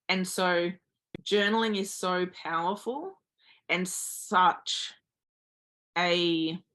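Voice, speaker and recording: Woman, low-pitched voice, confidence coach, earnest motivational talk to listeners. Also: fairly bright tone.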